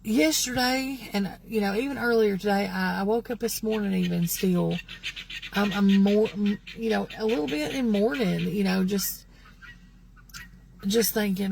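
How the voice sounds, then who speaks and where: A woman's voice: medium pitch, steady tone, slow pace, creaky, a little mellow, slight background noise. A woman in her fifties ranting to her followers in a vlog, indignant and rambling, repeating herself as she speaks to the camera outdoors at home. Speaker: vlogger. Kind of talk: angry vlog rant to followers.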